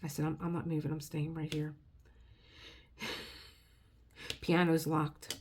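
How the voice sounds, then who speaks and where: A woman's voice: low-pitched, little pitch movement, slow, darkish tone, a little hiss or hum. A middle-aged woman telling a rambling, emotional story in a casual vlog. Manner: chatty, rambling, emotional, restarts often. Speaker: craft video creator.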